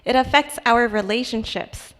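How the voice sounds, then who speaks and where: A woman's voice: on the high side, moderate pace, fairly bright tone. A young adult woman giving a personal testimony at church in a conversational, hesitant way, with frequent restarts and fillers. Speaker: church speaker sharing a testimony. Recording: long hall reverb.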